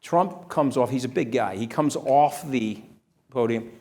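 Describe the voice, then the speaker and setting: Middle-aged man telling a story. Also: mid-range voice. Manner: fast, animated, acts out quoted voices. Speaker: guest. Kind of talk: anecdotal storytelling in an interview. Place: event venue.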